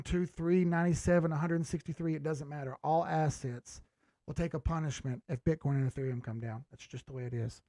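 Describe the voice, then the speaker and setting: Gravelly male streamer, blunt and profane, reading chat live, dry close sound. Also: on the high side, mellow, no echo. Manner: blunt, swears freely, laughs often. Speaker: crypto chart analyst hosting a live stream.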